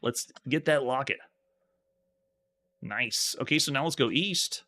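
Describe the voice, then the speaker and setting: A man with a bright, forceful voice commenting on a live retro game stream. He calls out moves one by one and reads the game text aloud, breaking off now and then for friendly asides to his viewers. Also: medium pitch, unhurried. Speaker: streamer playing retro games.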